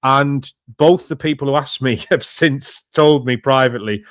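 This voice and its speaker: A man's voice: mid-range voice, normal speed, fairly bright tone, no room sound. Podcast guy all fired up and rallying, dry close sound. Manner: enthusiastic, rallying. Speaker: podcast co-host. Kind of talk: political podcast chat.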